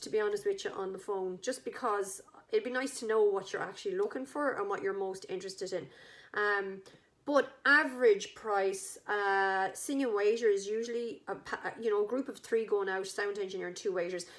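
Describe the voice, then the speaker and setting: An Irish woman chatting enthusiastically, pitching her wedding act to a couple and acting out the characters' lines. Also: normal speed. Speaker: wedding entertainment business owner. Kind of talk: casual sales pitch to a couple.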